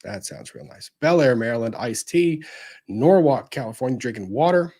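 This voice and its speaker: Lively, husky-voiced man hosting a stream. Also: mid-range voice, moderate pace. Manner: chatty and upbeat, greets viewers by location. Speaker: livestream host. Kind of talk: casual livestream chat, reading viewer comments.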